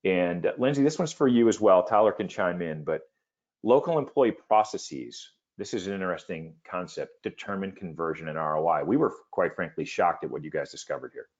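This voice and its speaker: A man's voice: low-pitched, lively intonation, a little fast, darkish tone, muffled recording. A man hosting a business webinar, speaking in a confident, emphatic salesman manner over a video call. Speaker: webinar host.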